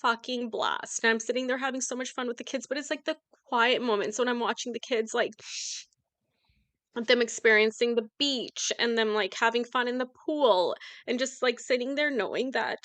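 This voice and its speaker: A woman with a fairly high voice speaks openly and emotionally, close to tears, in a casual podcast chat. The sound is dry and close, with no room around her. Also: moderate pace, a bit bright, no echo. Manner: candid, tearful, speaks of grief with nervous laughs. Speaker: podcast co-host.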